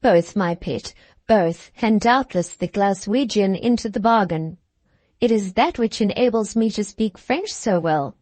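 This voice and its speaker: A woman's voice: medium pitch, a little slow, a little mellow, dry recording, close to an everyday voice. A woman reading the lines of a genial older father who teases his daughter fondly, in an indulgent manner. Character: fond, genial older Scots father, gently teasing.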